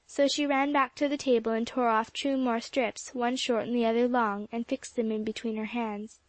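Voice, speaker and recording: Female storybook narrator, steady read; a fairly high voice, dry booth sound. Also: moderate pace, few pauses, no echo. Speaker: audiobook narrator. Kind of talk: scripted narration.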